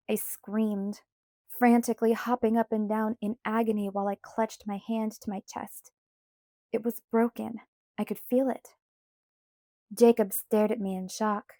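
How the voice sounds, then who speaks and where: A woman narrating a first-person novel as an audiobook with an expressive, measured reading. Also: a little high, dry recording, clean studio sound.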